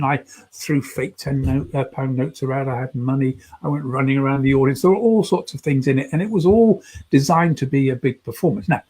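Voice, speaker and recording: Husky public speaking coach. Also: male voice, a little high. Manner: animated, emphatic, trained-actor delivery with frequent restarts. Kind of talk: live video talk on presentation skills.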